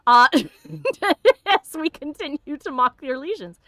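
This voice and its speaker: A woman with a high, bright voice hosts a casual let's play, reading game text aloud and breaking into giggly, animated commentary. Her pitch jumps all over, and the sound is close and dry. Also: slow, no echo. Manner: giggly, animated, swears freely.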